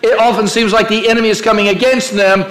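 A man's voice: high-pitched, little pitch movement, quick pace, a bit bright. A man preaching a sermon as pastor, with many filler "uh"s, calling out questions to the congregation. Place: church sanctuary. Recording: echoey church room.

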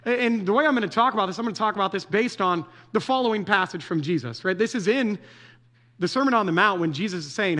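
A man's voice: sits high, fast talker, fairly bright tone. A man preaching a conversational sermon to a congregation, joking and often checking in with "right?". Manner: casual, joking, asks the audience "right?" often.

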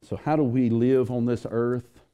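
A man's voice: medium pitch, steady tone, unhurried, warm tone, clean tone. A man preaching a sermon to his church, repeating phrases and building intensity. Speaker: pastor.

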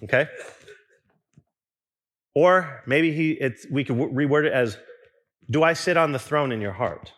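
A young man preaching a sermon in a relaxed, conversational way, with restarts and asides to the congregation. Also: mid-range voice, a little slow, pauses often. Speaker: pastor.

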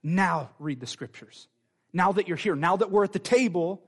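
Man preacher, high voice, fervent and chatty, sermon delivery. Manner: fervent, conversational preaching with quick asides.

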